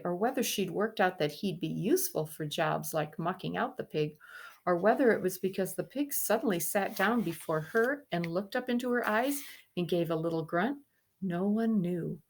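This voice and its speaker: A woman's voice: on the low side, vocal fry. Woman reading a children's story aloud. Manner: expressive, pausing to explain to children. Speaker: storybook reader.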